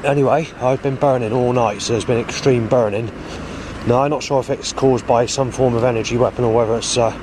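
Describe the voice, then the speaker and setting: A vlogger in his forties records a rambling monologue to camera outdoors, repeating himself, restarting often and circling back over his words. He speaks fairly quickly in a mid-range voice with a steady tone, against a noisy background.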